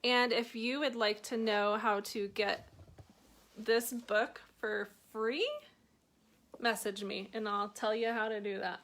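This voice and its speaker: A woman's voice: on the high side, flat delivery, takes it slowly, a bit bright. A woman reading aloud from her own book, stopping now and then for chatty, joking asides about what she wrote. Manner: chatty, breaks off to joke and laugh at her own lines.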